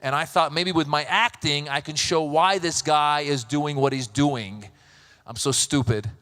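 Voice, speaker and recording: A man from Iran in his thirties doing stand-up comedy, telling animated stories and acting out voices. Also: fairly high pitch, unhurried. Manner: animated storytelling, acts out voices.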